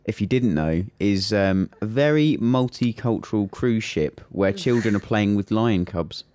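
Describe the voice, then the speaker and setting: A man's voice: lowish voice, expressive, measured pace, darkish tone, a little hiss or hum. A man on a casual tech chat, making dry, wry jokes. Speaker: podcast panelist.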